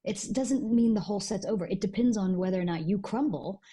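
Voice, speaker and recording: A middle-aged woman, a guest on a podcast, chatting casually and telling stories in an animated way, quick to laugh. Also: medium pitch, slightly rough. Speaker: guest, stage actor.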